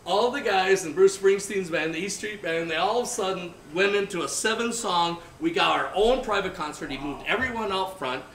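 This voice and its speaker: A man's voice: high-pitched, normal speed, few pauses. An older man telling long, rambling stories in a casual chat at a noisy bar. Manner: rambling, animated storyteller. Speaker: guest storyteller. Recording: echoey bar, far from the mic. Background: bar crowd chatter.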